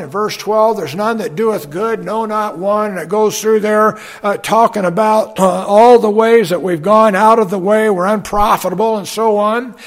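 A man preaching a sermon as a pastor, unhurried, with fillers and folksy asides as he reads scripture aloud. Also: high-pitched.

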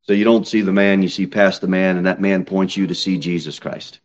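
A male pastor preaching a sermon from the pulpit, reading scripture and pressing his points with slow, emphatic stresses and sudden raised peaks. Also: low-pitched, flat delivery, lo-fi sound. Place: church sanctuary, at the pulpit.

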